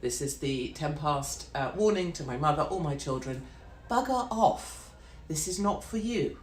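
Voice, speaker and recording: A woman's voice: low voice, expressive, normal speed. A middle-aged British woman delivering a brash, sweary, sarcastic live-stream rant. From Britain. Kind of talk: ranting live-stream monologue. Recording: roomy echo.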